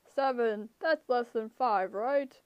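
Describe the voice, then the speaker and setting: A woman voicing a huge, half-blind male cyclops who speaks bluntly and slowly, making demands. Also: a little high, clear, resonant tone, dry recording, dull audio. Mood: gruff demanding. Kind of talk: audiobook character voice.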